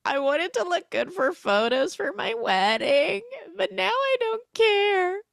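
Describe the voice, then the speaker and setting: A woman putting on the voice of a whiny, self-absorbed young bride in high, breathy tones. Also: very animated, takes it slowly, no echo, clean studio sound, exaggerated voice.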